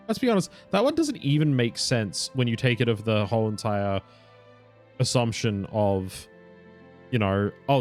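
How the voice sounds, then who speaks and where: A young man casually commenting on his own game stream, rambling, correcting himself, swearing and laughing now and then. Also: lowish voice. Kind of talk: casual live gameplay commentary.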